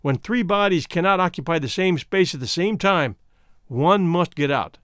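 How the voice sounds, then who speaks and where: Male narrator doing a smug, wordy schemer, slow and judicial, sing-song pitch, dry. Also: expressive, a bit bright, smooth, no room sound. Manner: deliberate, judicial, mock-apologetic. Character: scheming, smooth-talking man, wordy and mock-polite.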